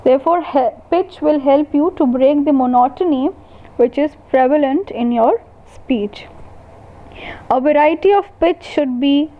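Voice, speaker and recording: A woman lecturer with an Indian English accent, explaining speech in a measured scripted lecture. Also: high-pitched. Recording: tinny phone-like audio.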